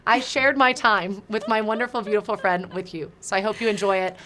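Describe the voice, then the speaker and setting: A middle-aged woman hosting a podcast interview, chatty and animated, laughing easily. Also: medium pitch, brisk. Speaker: podcast host. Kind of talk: casual conversational interview.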